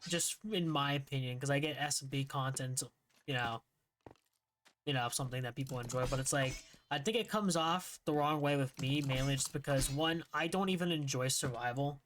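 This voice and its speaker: A man's voice: mid-range voice, moderate pace, a bit bright, slight background noise. A young man streaming a game, chatting casually, rambling and swearing often as he gets frustrated. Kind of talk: casual gaming livestream chat.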